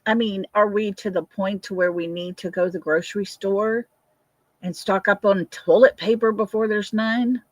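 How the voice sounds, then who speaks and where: A woman's voice: medium pitch, fairly even intonation, moderate pace, dry recording. An older woman hosting a casual livestream, chatting, answering viewer comments and laughing often. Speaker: livestream host.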